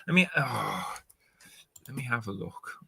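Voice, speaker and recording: A man's voice: medium pitch, animated, a little slow, creaky, pushed and bright, breathy edge, no echo. A man in a casual chat, stammering and restarting as he talks.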